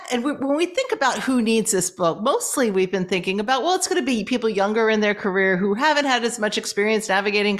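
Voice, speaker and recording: A woman, a leadership coach, telling a workplace story in a radio interview and acting out the dialogue. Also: fairly high pitch. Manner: animated, acts out quoted dialogue.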